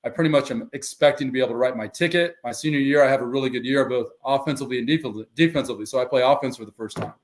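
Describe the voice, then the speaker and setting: A middle-aged man telling his own story on a podcast, acting out quoted dialogue with animated shifts. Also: medium pitch, very fast, few pauses. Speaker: guest, former pro football player and life coach.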